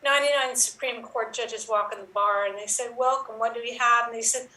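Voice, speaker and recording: A woman's voice: a little high, fairly even intonation, fairly quick, sharp tone. A woman improvising jokes on a video call, giggling through her punchlines. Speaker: improv performer. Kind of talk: improvised joke telling. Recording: roomy, distant from the mic.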